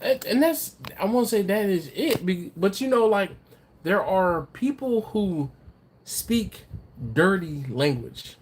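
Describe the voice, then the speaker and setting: A man hosting a casual live stream reads out viewer chat in a rambling, chatty way, laughing a lot and repeating his words. His voice sits high and is animated, and he takes it slowly, with a little hiss or hum in the recording.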